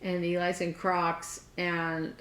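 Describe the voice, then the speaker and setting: A woman co-hosting a craft podcast, telling a story in a chatty, animated way with lots of fillers. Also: on the low side, takes it slowly, echoey room. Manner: chatty, animated retelling with many fillers and laughs. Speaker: podcast co-host. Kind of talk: casual storytelling chat.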